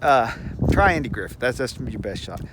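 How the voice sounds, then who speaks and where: A man's voice: medium pitch, big pitch swings, moderate pace. A man telling a rambling, folksy story to the camera and chuckling as he goes, recorded at home with a faint hum behind him. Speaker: channel host.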